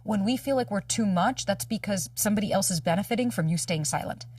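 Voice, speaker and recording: A woman in her thirties talks candidly as a dating coach, fast and emphatic, acting out the voices of people she quotes. Her voice sits a little low and sounds husky. The recording is dry and a little off-mic. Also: darkish tone, no room sound, far from the mic. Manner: fast, emphatic, swears freely, acts out quoted dialogue. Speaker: dating coach, podcast guest.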